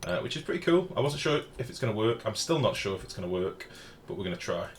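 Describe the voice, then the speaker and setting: A man with a low voice, talking through a live game stream in a loose, chatty way and answering viewers as he plays. He swears casually, and faint street sounds drift in from an open window. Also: sing-song, quick pace. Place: home room with the window open. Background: faint outdoor street noise.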